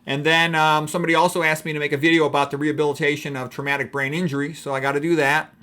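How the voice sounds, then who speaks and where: A middle-aged man from Chicago talks in a rapid, rambling stream. His voice sits a little higher than most men's. His tone stays wry and frank as he chats casually to camera. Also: level tone, pushed and bright. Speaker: doctor. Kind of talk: casual personal monologue.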